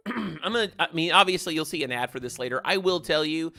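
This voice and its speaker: Male game streamer, chatty and upbeat, bright forceful tone, light music playing underneath. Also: on the high side, lively intonation, a little fast, vocal fry. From American South. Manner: chatty, upbeat, thanks viewers by name. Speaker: livestream gaming host. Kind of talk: casual livestream chat reading viewer comments.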